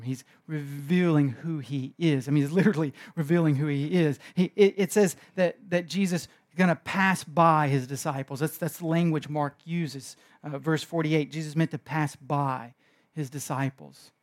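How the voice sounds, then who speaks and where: A man preaching a sermon in an animated way, moving between hushed and emphatic delivery. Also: fairly high pitch. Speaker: pastor.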